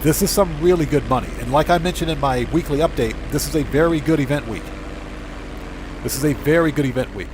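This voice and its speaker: A man live-streaming a video game, chatting casually and excitably with his viewers from a home streaming setup. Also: fairly high pitch, a little fast, noisy background. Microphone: streaming setup microphone.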